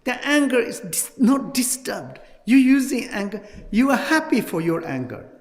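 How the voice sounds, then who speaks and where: A Buddhist teacher giving a Dharma talk at a retreat in halting English, earnest and repeating words for emphasis. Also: male voice, very high-pitched, big pitch swings, in a large hall. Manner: halting non-native English, many fillers and restarts.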